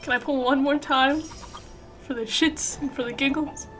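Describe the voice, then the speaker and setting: A woman streamer chatting live over a game, dramatic and swinging from low mumbles to shrieking outbursts. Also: steady tone, moderate pace, faint music behind. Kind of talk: live gaming stream chat.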